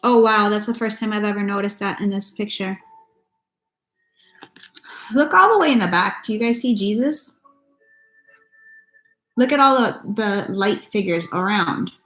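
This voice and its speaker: A woman's voice: mid-range voice, animated, a little slow, pauses often, a bit bright. A woman giving a casual tarot reading to her viewers, talking bluntly and with a lot of swearing. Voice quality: blunt and profane. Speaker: tarot reader. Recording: echoey room with faint music.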